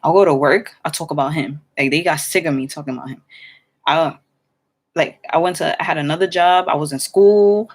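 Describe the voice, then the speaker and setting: A young woman tells a story in a loose, rambling way, with restarts and fillers throughout. Her voice sits somewhat low for a woman. It is casual storytime talk to her viewers. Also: a little fast. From New York City. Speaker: vlogger.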